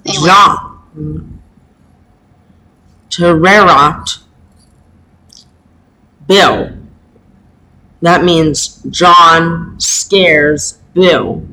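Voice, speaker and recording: A man teaching a Latin lesson, speaking haltingly with many pauses and fillers. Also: a little high, sharp tone, a little hiss or hum, low-quality recording. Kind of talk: slow home-made lesson.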